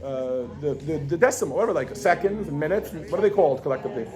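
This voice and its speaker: A pregnant woman leads a classroom lesson in a casual, animated way. She keeps firing questions at her students and talks with easy fillers and restarts. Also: sits low, quick pace. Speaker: Yiddish teacher.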